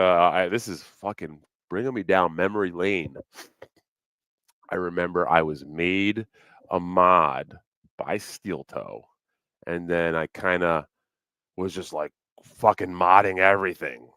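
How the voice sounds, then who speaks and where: A man with a low, smooth voice chats loosely on his livestream, swearing freely and wandering between topics with lots of fillers. The sound is close and dry, with no room echo at all. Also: a bit bright. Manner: loose, profane, rambling with fillers. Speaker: livestream host. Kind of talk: casual livestream chat. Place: home, New York City.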